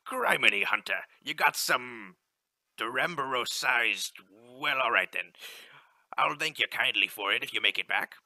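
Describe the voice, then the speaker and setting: A man voicing a folksy male ship captain with a loud, rustic drawl, reading game dialogue in character. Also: medium pitch, expressive, measured pace, no room sound, full character voice. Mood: urgent.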